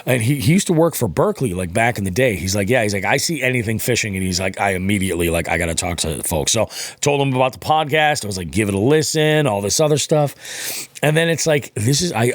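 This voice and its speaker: A man hosts a casual podcast, rambling through stories and swearing freely. His low voice rises and falls in lively swings. The sound is close and dry, with no room around it. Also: no room sound. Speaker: podcast host. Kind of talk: casual chat.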